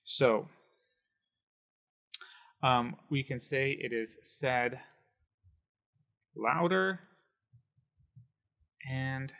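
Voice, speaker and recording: Man, video lesson teacher, bright forceful tone, emphatic, sounds out syllables. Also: medium pitch, drawn-out words, long pauses. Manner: demonstrates words syllable by syllable; lively, emphatic explaining. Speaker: Spanish teacher.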